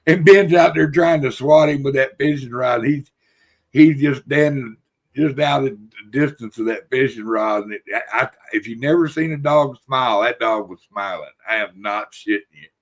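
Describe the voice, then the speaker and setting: A man's voice: mid-range voice, moderate pace. A man hosting a casual podcast chat, telling long, rambling stories full of swearing and laughter. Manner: rambling, profane, laughs through his stories. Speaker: podcast host.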